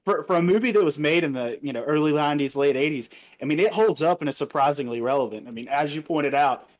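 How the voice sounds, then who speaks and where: A man's voice: fairly high pitch, fast. A man co-hosting a casual podcast chat, hesitant and full of fillers. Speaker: podcast co-host.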